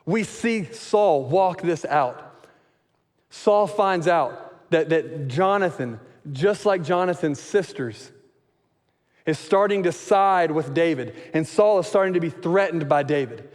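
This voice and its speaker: A man preaching a sermon as pastor, animated, acting out quotes in different voices. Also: high-pitched, big-room sound.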